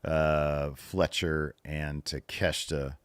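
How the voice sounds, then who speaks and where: A man's voice: a bass voice, level tone, slow, clean tone, no echo. A man co-hosting a wrestling podcast, chatting loosely with plenty of fillers. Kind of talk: casual recap chat.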